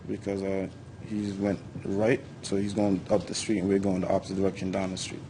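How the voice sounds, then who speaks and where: A man's voice: low voice, monotone, fairly quick, noisy background. A man testifying as a witness in court, answering questions in casual street speech with some hesitation. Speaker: trial witness.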